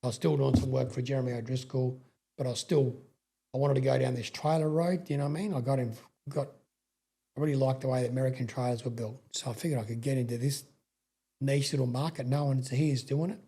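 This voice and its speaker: Middle-aged Australian man, husky and mellow, loose rambling storyteller who swears and restarts sentences. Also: medium pitch, fast. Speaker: guest, sprintcar racing veteran. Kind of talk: casual storytelling interview.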